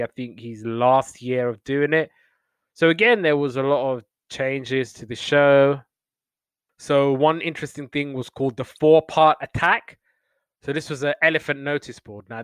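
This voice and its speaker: Reminiscing about old TV shows on a laid-back podcast, a young host wanders from topic to topic and plays with quoted voices. His voice is smooth, resonant, medium-pitched, and fairly bright, captured dry and close without any room sound.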